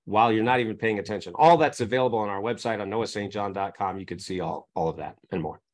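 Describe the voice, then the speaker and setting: A man's voice: fairly low pitch, fast talker. A man speaking as a coaching guest on a podcast, explaining his method through examples and constantly checking in with his listeners. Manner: teaches through examples, keeps checking in with "right?".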